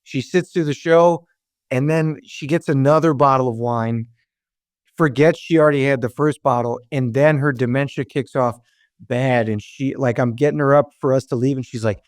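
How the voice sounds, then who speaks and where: A man's voice: mid-range voice, fairly even intonation, normal speed, no room sound, clean studio sound. A young man and stand-up comedian, a podcast guest, telling loose, profane stories with laughs. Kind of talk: casual storytelling chat.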